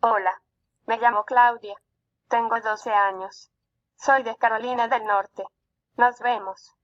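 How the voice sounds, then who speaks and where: A woman's voice: a little high, steady tone, unhurried, highs cut off, close to an everyday voice. A text-to-speech woman's voice with a Mexican Spanish accent reading short sentences. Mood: flat. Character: synthetic Mexican Spanish female voice.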